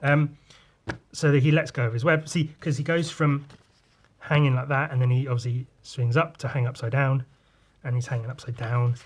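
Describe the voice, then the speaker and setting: A man, hosting a podcast, rambling casually about drawing and swearing freely. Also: medium pitch. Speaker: podcast host and comic artist. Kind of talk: casual chat.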